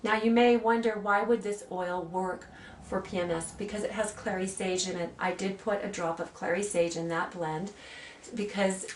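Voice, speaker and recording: A woman in her sixties, an aromatherapy practitioner, who gently demonstrates oils and tells personal stories in a soft, earnest way. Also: mid-range voice, fairly even intonation, a little hiss or hum. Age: 60s. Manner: soft, earnest, reads blessings slowly. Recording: roomy sound from a distant mic, faint ambience.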